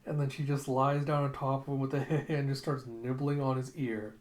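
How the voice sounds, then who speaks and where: A man's voice: mid-range voice, level tone, fairly quick, a little mellow. A man casually recapping a comic, in a loose, rambling way full of fillers. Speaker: manga recap host. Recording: roomy echo.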